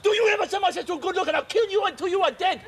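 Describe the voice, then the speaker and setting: A man doing a furious shouting brother in broken English. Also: extremely high pitch, racing. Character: hot-headed man guarding his sister. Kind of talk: sketch comedy. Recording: rowdy crowd and noise behind.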